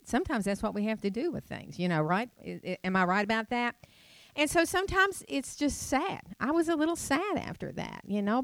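A woman's voice: medium pitch, no room sound. Woman preaching, dry close sound. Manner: chatty storytelling with rhetorical questions. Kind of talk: sermon.

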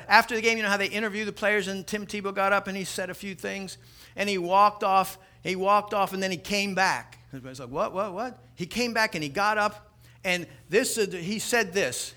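A man delivers an impassioned sermon in a high, ringing voice. His tone is bright and forward. He swings between hushed, intimate stretches and loud, fervent peaks. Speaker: pastor.

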